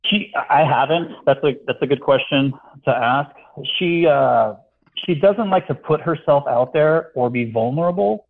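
A man calling in to an advice podcast, earnest and a bit halting, poking fun at himself. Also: fairly high pitch, vocal fry. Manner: earnest, halting, self-deprecating. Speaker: caller. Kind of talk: phone-in advice question. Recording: tinny phone line.

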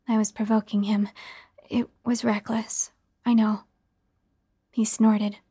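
A woman narrating a first-person horror story in a hushed, half-whispered delivery. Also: a little high, flat delivery, slow, long pauses, husky, dry recording, studio quality.

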